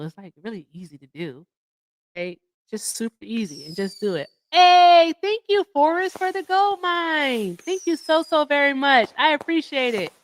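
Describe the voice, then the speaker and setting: A woman's voice: fairly high pitch, dry recording, studio quality. A woman hosting a livestream in casual chat, chatty and effusive as she thanks her viewers. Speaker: livestream host.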